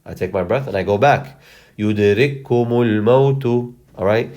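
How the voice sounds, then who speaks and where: A lower-voiced man teaching Quran recitation. He walks his viewers through each step patiently, pausing to ask "okay?" before moving on. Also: darkish tone, dull audio. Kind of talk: instructional explanation with recitation. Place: recorded lesson video.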